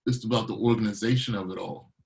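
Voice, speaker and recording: A man's voice: fairly low pitch, fast talker, creaky, poor audio. A middle-aged man from Baltimore, a DJ and producer talking casually in an interview, telling stories with a lot of energy and acting out what people said. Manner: animated storyteller, acts out quotes.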